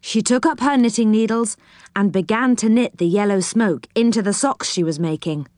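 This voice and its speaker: A woman reading a children's storybook aloud in a gentle, expressive way. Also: medium pitch, normal speed, dry recording, clean studio sound. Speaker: narrator.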